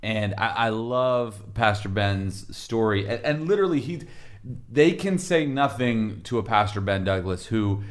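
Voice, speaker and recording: A man hosting a podcast discussion, telling a story in an animated way with quick asides. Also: fairly low pitch.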